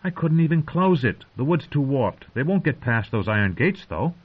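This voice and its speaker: A man voicing a practical, protective young woman who talks briskly and kindly. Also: mid-range voice, very animated, breathy edge, pitched above the performer's own voice. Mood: wary. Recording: dull lo-fi audio.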